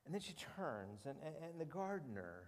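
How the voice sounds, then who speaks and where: A middle-aged man preaching a sermon with animated storytelling, often repeating words as he goes. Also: on the high side, moderate pace, long reverb tail. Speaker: pastor.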